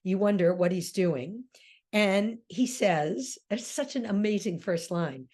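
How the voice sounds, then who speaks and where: A woman's voice: medium pitch, slow pace, a little mellow. A woman giving a classroom lecture as a theater director, emphatic and full of rhetorical questions.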